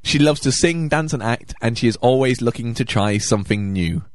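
A man's voice: mid-range voice, expressive, normal speed, no echo, studio quality. A man co-hosting a casual comedic chat, making wry interjections with frequent restarts. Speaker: podcast co-host.

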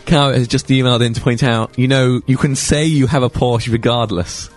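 A man hosts a casual radio chat show from a studio. He talks fast and chatty, often tripping over his words and restarting. His pitch sits at an ordinary middle level. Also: steady tone, faint music behind. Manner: chatty, quick, stumbling restarts.

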